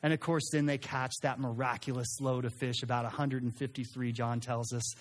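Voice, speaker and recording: A man preaching a sermon in an animated way, acting out quoted lines and sometimes restarting his sentences. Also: medium pitch, fairly quick. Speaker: pastor.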